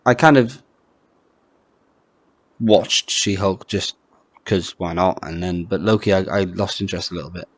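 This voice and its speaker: A man's voice: deep voice, unhurried, long pauses, no room sound. A man co-hosting a casual podcast chat at home, hesitant and full of stammered restarts. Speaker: podcast co-host.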